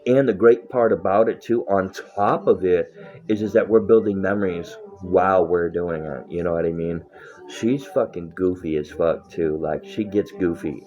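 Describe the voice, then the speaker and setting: A man's voice: low-pitched, darkish tone, dull audio. A man chatting casually on a livestream, rambling and swearing a lot and often laughing.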